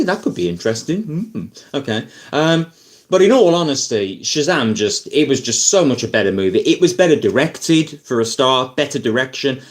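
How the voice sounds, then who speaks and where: A man ranting casually about films as a YouTuber, rambling and animated, full of fillers and asides. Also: medium pitch. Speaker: YouTuber film reviewer. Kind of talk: casual opinion rant.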